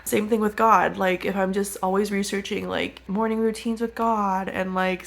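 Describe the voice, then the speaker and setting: A young woman, a first-time mother, speaks candidly to her camera in a personal vlog, reflective and close to tears. Her mid-pitched voice carries a gravelly fry. She wanders through her thoughts with lots of casual fillers. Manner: reflective, emotional, frequent "like" fillers. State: teary, crying at times. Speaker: vlogger, first-time mom.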